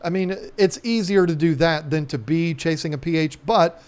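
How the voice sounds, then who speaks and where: A man with a drawl chats easily on a live stream, his voice sitting a bit high. He rambles along in a folksy way, dropping lots of ums and uhs as he talks. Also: normal speed, a little mellow, clean tone. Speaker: aquarium channel host. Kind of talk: casual live-stream chat.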